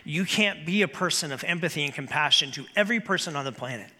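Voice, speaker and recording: A man preaching a sermon as pastor in a church, earnest and measured, with slow emphatic pauses. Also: on the high side, expressive, pushed and bright. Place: church sanctuary. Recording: long hall reverb.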